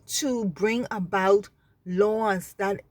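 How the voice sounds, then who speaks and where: Mid-range and darkish, this woman's voice stays steady and stretches out her words, with no room sound. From the Bahamas, she reflects passionately and earnestly on faith and anger, repeating herself and checking in: "you understand?"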